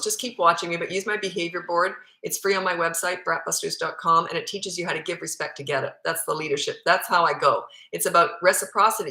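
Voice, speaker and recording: A woman's voice: fairly low pitch, pushed and bright. A woman parenting coach answering viewer questions live, speaking in a blunt, emphatic way. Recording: echoey room.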